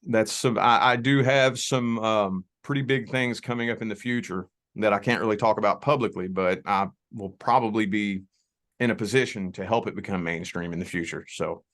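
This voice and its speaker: A man's voice: fairly low pitch, moderate pace. A man from the Kentucky area with a Southern accent, talking casually as an interview guest and often restarting his words. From Southern Indiana / Louisville, Kentucky area. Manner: relaxed, repeats words when starting, frequent "you know". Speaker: guest, spiritual reader.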